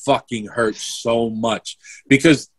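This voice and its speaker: A man's voice: mid-range voice, fairly even intonation, takes it slowly, husky. A young man telling a story in casual chat, swearing freely and replaying events step by step. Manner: swears a lot, vivid play-by-play retelling.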